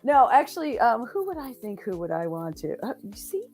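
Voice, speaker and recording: A woman's voice: fairly high pitch, very animated, fairly quick, darkish tone. A woman co-hosting a casual video call chat, chatty and filling her talk with "like". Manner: chatty, says "like" a lot.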